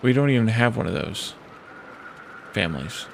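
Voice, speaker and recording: This man's voice is fairly low and creaky with lively intonation, over a faint hiss or hum. Streaming a strategy game as casual let's-play commentary, he reasons aloud haltingly, pausing, restarting and reading out event text.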